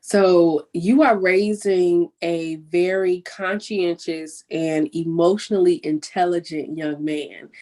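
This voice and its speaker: Interview host, woman, slightly low voice, supportive and affirming. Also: fairly even intonation, takes it slowly, hardly any pauses, mellow. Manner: affirming, encouraging.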